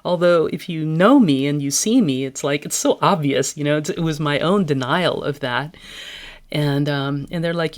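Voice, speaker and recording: A woman guest on a podcast candidly and reflectively shares personal stories in an interview, laughing easily. Her voice is low-pitched and her pace moderate.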